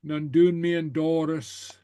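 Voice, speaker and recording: Guy teaching a language class, real slow, dark dry voice, repeats stuff patiently. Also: fairly high pitch, level tone, clean tone, dry recording. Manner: patient, repeats phrases slowly and translates them. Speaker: Gaelic teacher. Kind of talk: language lesson, line by line.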